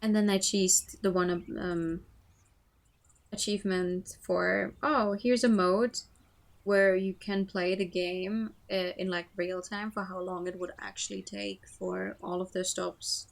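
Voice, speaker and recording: A woman's voice: fairly low pitch, fairly even intonation, slow, gravelly. A woman streamer reading a visual novel aloud and chatting about games, casual, swearing, and laughing easily. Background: background music.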